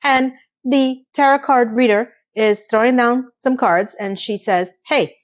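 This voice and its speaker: A woman giving a casual, animated recap of a TV episode, telling the story with voiced quotes. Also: on the high side, a little slow, highs cut off. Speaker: TV recap vlogger.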